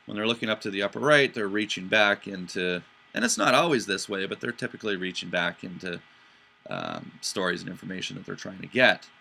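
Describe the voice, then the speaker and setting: A man's voice: deep voice, very animated, fairly quick, creaky, bright, forceful tone. A man hosting a podcast in a casual explanatory talk. He speaks with animation, stumbles into restarts, and acts out voices and inflections to make his points. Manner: frequent fillers and restarts. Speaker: podcast host.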